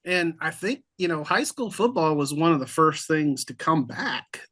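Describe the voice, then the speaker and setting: A man's voice: fairly high pitch, animated, normal speed, a bit bright. A man hosting a casual podcast chat. He laughs easily and hands the floor to his guests. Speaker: podcast host, sports editor.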